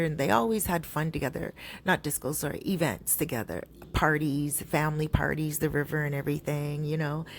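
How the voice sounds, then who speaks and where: A woman with a notably low voice, chatting her way through a gossipy story. She fills gaps with "um" and "like" and stops to correct herself as she goes. A faint hiss sits under the recording. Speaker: storyteller vlogger. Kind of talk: casual storytelling.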